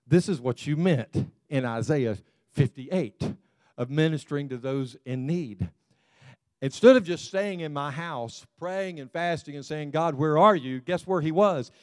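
A man's voice: mid-range voice, a little mellow, clean tone, no echo. A male pastor, preaching a conversational sermon with chuckles and restarts.

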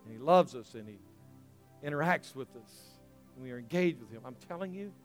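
A male pastor preaching a sermon, swinging from near shouts down to quiet, intimate asides, with organ-like music underneath. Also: mid-range voice, expressive, fairly quick. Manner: impassioned, rising to near shouts then dropping to quiet intimacy.

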